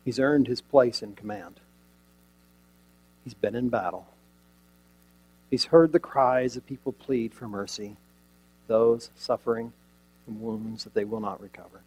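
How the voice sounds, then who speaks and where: A man preaches a sermon, dramatically retelling a scene with rhetorical questions and sudden swings from loud emphasis to near quiet. His mid-range voice is a little slow with frequent pauses, and the recording is rough.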